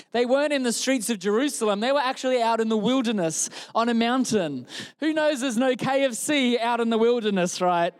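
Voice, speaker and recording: A male preacher giving a sermon in church, telling the story in an animated, joking way. His voice sits very high for a man.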